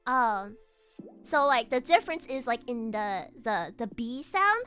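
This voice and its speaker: A woman's voice: fairly high pitch, big pitch swings, unhurried, pushed and bright, smooth, faint music behind. A young woman streamer telling a casual story while drawing, giggling often and restarting her phrases. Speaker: virtual streamer.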